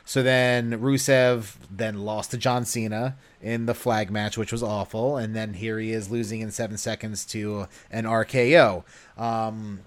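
This podcast co-host speaks in a lowish, flat voice at a slightly slow pace. He chats casually, rambling along with plenty of fillers.

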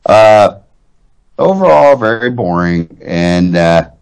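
A man co-hosting an album review podcast, deadpan and annoyed in his verdicts. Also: on the low side, slow pace, gravelly, clear, resonant tone. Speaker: podcast co-host. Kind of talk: casual album review chat.

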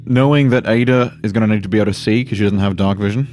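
Quick-talking male player, mid pitch, jokey, faint music underneath. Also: a little mellow. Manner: joking, teases the other players. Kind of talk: tabletop game play.

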